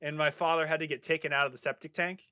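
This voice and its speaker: A man's voice: on the high side, steady tone, quick pace, sharp tone, clean tone, dry recording, clean studio sound. A man co-hosting a casual movie podcast, swearing freely and telling rambling anecdotes. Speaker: podcast co-host. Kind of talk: casual chat.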